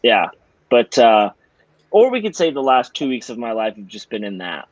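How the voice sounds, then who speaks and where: A man's voice: mid-range voice, big pitch swings, moderate pace. Teasing man over dull lo-fi audio. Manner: dry, teasing. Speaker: podcast co-host. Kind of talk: casual chat.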